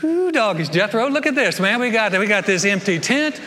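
A man's voice: sits high, sing-song, normal speed, bright, forceful tone, in a large hall, full character voice. A pastor doing a hollering leper man. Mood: gleeful. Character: folksy male leper, excited and fearful.

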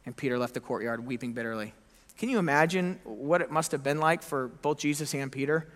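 Bright-voiced preacher man in a reverberant hall. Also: fairly high pitch, brisk. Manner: animated storytelling, acting out quoted lines. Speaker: pastor. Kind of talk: sermon.

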